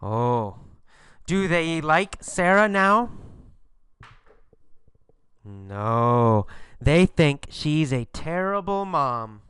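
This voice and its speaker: A man's voice: a little high, clear, resonant tone, no room sound, studio quality. A man teaching an English lesson through questions and answers about a story, speaking emphatically. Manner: slow, emphatic teacher delivery with lively intonation.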